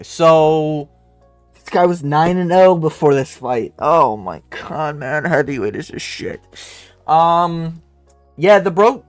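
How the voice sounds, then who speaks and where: A man's voice: fairly high pitch, dry recording. Crude rambling young man. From Canada. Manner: blunt, crude, rambling with many fillers. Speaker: MMA commentator reviewing fight results. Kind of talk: casual profane rant.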